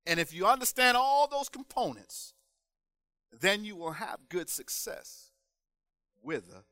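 High, bright-voiced man preaching a sermon. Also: big pitch swings, measured pace, no echo. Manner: rhythmic preaching, rising to shouted emphasis.

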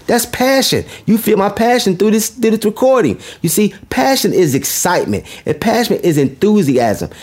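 Man, motivational speaker, husky voice, emphatic, repeats key lines. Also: high-pitched, darkish tone. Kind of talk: motivational speech.

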